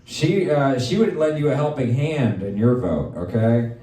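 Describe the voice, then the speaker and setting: A man hosting a live comedy show, rambling and joking through quick asides with his guests. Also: medium pitch, lively intonation, warm tone, echoey room, recorded from a distance. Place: comedy venue with live audience.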